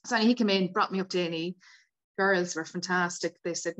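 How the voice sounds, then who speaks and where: A woman, a podcast guest telling a personal story in a lively way and acting out the people she quotes. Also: on the low side, a little fast. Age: 50s. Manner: animated, acts out quoted dialogue. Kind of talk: casual storytelling.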